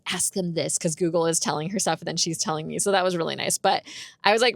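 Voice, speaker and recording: Chatty young woman with a gravelly edge. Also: fairly low pitch, dry recording, clean studio sound. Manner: chatty, full of "like", acts out quotes. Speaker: vlogger. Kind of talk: casual storytelling vlog.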